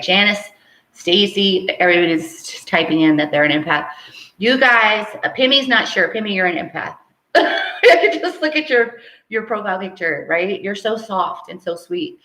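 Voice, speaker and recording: A woman talks casually to her live viewers, laughing often and calling out their comments as she teaches. Her voice sits at an ordinary middle pitch. The room adds a noticeable echo. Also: fairly bright tone. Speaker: live stream host and spiritual teacher. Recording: roomy echo.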